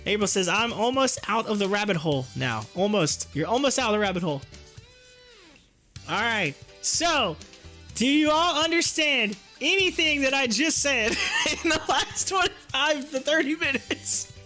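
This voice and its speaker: A high-pitched, bright and forceful male voice chatting loosely to his live stream audience. He is animated and chuckles between thoughts, with faint music running behind him. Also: moderate pace. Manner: animated, laughs often, drawls on his words. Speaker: livestream host. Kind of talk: casual livestream chat reading viewer comments.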